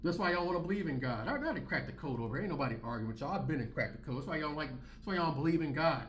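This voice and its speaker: A man in his forties hosting his own channel, ranting in loud, profane, repetitive slang. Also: fairly high pitch, expressive, very fast, reverberant, a little hiss or hum. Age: 40s. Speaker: commentary channel host. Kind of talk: ranting commentary.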